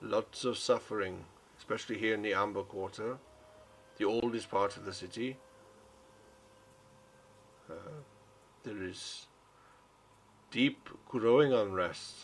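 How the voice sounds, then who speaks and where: A man doing a weary townsman with a put-on foreign lilt. He talks in a low, slow, soft-spoken voice, earnest and halting, and a faint hum sits behind him. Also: vocal fry. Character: gentle foreign male townsman, weary but hopeful.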